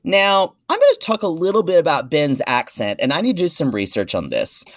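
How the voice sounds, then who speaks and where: A man co-hosting a casual podcast, chatty and catty, with quick asides. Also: fairly high pitch, huge pitch swings, dry recording, clean studio sound. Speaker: podcast co-host.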